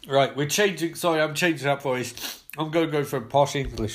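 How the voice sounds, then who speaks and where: A man's voice: on the high side, fairly quick. A man casually reading a comic aloud, rambling, swearing and correcting himself as he goes. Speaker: comic reader.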